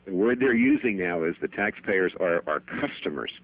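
Middle-aged accountant guest, chatty storyteller, low voice, phone-quality sound. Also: male voice, expressive, normal speed, no echo. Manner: chatty, anecdotal, laughs at his own stories. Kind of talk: radio interview storytelling. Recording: tinny phone-band radio broadcast.

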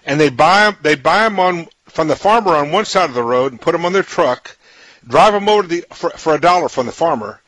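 A man's voice: a little high, animated, brisk, fairly bright tone, dry recording, rough recording. Chatty male radio host, dry studio sound. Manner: chatty, repeats words while searching for phrasing. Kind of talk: casual radio interview.

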